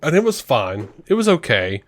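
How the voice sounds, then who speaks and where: A man's voice: medium pitch, big pitch swings, normal speed, no room sound. A man co-hosting a podcast in casual chat, sleepy and laid-back, laughing often. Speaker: podcast co-host. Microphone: headphones and home mic.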